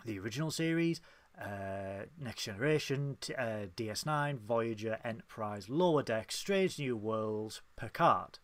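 A man co-hosting a casual fan podcast, talking with lively, mock-dramatic emphasis. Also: mid-range voice, measured pace, no echo. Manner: animated, mock-dramatic when ranting. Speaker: podcast co-host. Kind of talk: casual chat.

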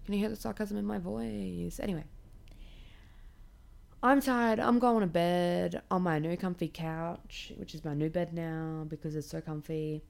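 A woman's voice: on the low side, normal speed, vocal fry, few pauses. A young woman hosting a podcast, ranting casually with lots of swearing, filler "like"s and sarcasm. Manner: swears a lot, many likes, animated and sarcastic. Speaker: podcast host.

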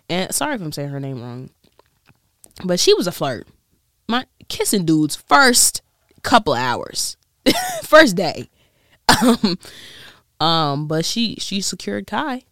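A woman's voice: lowish voice, a bit bright, dry recording, clean studio sound. A woman vlogger chatting casually and rambling, laughing often and trying out a weak British accent. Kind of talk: casual chat.

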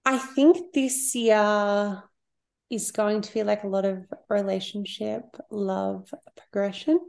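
A woman with a touch of vocal fry chats casually as a podcast guest. She thinks out loud, open and unguarded, with phrases that drift and restart. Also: mid-range voice, steady tone, takes it slowly. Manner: open and reflective, light laughs, trailing phrases. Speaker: podcast guest, creative business owner. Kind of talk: casual interview chat.

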